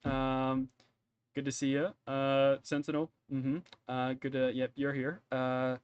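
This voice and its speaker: A man's voice: medium pitch, completely flat delivery, slow, clear, resonant tone, dull audio, close to an everyday voice. A man voicing a boastful young male jock adventurer who talks in a bro-ish, dismissive way, in a tabletop game. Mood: cocky.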